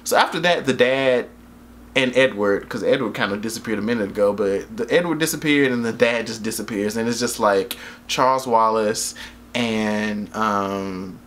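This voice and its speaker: A man's voice: lowish voice, normal speed, a bit bright, a little hiss or hum. A young man recaps a movie in a loose, rambling way. His talk is slangy and profane, packed with fillers. He often breaks into laughter at his own jokes. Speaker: vlogger reviewing a movie. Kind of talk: casual spoken movie recap.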